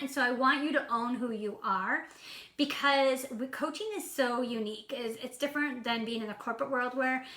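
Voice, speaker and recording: A woman in her thirties, a sales coach, talking casually and quickly on a live stream, bubbly and laughing often. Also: on the high side, pushed and bright, echoey room. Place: indoor room at home.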